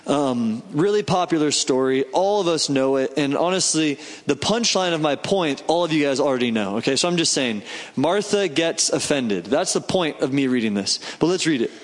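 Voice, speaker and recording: A man preaching a sermon in a relaxed, conversational way, often acting out the voices in the story. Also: on the high side, normal speed. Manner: conversational, animated, acts out quoted voices. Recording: long hall reverb.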